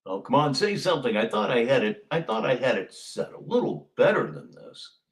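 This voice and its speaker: A man's voice: mid-range voice, big pitch swings, fairly quick. A man in his sixties from Ohio hosting a livestream, chatting in a wry, sardonic way as he introduces clips. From Ohio, USA. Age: 60s. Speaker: commentary stream host. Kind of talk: casual livestream commentary. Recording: roomy echo.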